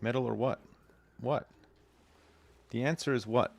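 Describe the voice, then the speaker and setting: Speaking at a measured pace with some vocal fry, this livestream host has a mid-range male voice. He offers loose commentary on the game he's playing, wanders off on tangents, runs himself down jokingly, and reads on-screen text aloud.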